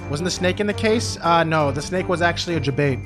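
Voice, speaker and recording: A male streamer casually commenting on a game and reading its dialogue aloud, swearing and joking in quick asides. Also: on the high side. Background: loud game music.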